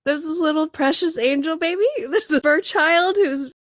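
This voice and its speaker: A woman's voice: sits high, moderate pace, a bit bright, no room sound, clean studio sound. A woman hosting a podcast, reacting in an emotive, easily moved way in casual chat. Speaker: podcast host.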